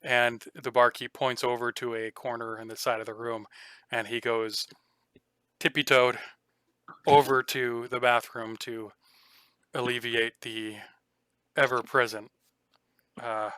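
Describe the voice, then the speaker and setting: A man running a tabletop game as game master, narrating in a relaxed, rambling way with frequent ums. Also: medium pitch, takes it slowly, long pauses, clean tone, no room sound.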